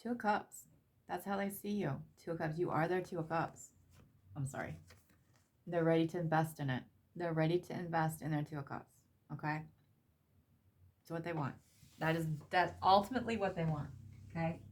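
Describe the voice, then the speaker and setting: Woman tarot reader, lowish voice, earnest and swearing freely. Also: fairly even intonation, moderate pace, long pauses. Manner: emotional, repetitive, swears casually. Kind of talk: tarot reading.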